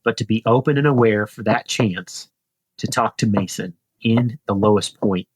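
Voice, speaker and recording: A man's voice: fairly low pitch, moderate pace, husky, no echo, clean studio sound. A man in his forties, a guest on a podcast, telling a story casually and acting out the dialogue by lifting his voice. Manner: animated, acts out dialogue in a raised voice. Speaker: podcast guest, retired pro cyclist.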